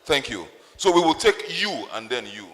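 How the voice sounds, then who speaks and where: A man's voice: mid-range voice, sing-song, moderate pace, sharp tone. A man moderating a town hall, firm and apologetic as he enforces the rules. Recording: reverberant hall.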